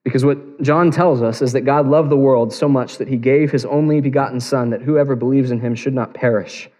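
A man's voice: medium pitch, dark tone. A man preaching a sermon as pastor, earnest and building to emphatic peaks. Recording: long reverb of a large hall.

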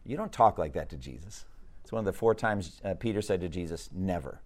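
A man's voice: sits low, lively intonation, brisk. A man teaching a Bible class in a conversational, emphatic way, often asking the class questions.

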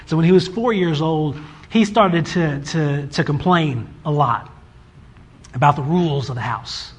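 Man, forties, father, casual storytelling, husky, a bit high-pitched, animated. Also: measured pace. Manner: animated, acts out his children's voices in quotes. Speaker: father telling a family story.

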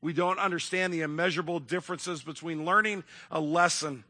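A man's voice: on the high side, steady tone, fairly quick, bright, forceful tone. A man preaching a sermon, earnest and emphatic, putting questions to his listeners. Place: room with an audience, evening service.

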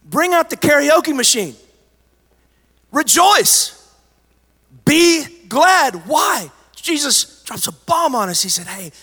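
A man preaching from a church stage, his bright, forceful voice carrying through a large hall with long reverb. He is animated, and he shifts from near-shouted proclamation to hushed, conversational asides. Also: fairly high pitch. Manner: animated, swings from loud preaching to quiet storytelling. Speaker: pastor. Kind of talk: sermon. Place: church sanctuary.

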